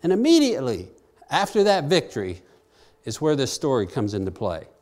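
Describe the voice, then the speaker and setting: A man's voice: mid-range voice, wildly swooping pitch, moderate pace, a little mellow. A man preaching a sermon, reading scripture aloud and explaining it in plain everyday words. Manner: varies pace, drawing out key phrases and speeding up asides.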